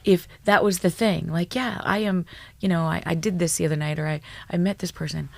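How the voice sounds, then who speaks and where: Gravelly woman, blunt animated storyteller. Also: on the low side, brisk, no echo. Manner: animated, blunt storyteller who swears freely. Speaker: psychologist guest. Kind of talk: storytelling in a podcast interview.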